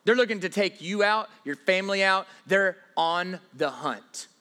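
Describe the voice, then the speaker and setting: A man preaching a sermon as pastor, emphatic, swinging from loud bursts to hushed lines and repeating himself on restarts. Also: high voice, lively intonation, measured pace.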